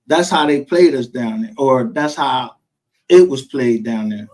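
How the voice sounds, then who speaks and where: Speaking at a measured pace with a medium-pitched voice, a Texan man chats casually through animated stories full of cursing and street slang, acting out quotes. The audio quality is poor.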